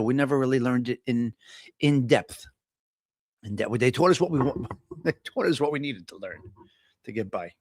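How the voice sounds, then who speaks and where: Animated chatty man. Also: a little high, no room sound, clean studio sound. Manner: chatty, animated storyteller with restarts. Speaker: host of a live coffee talk show. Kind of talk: casual live-stream chat.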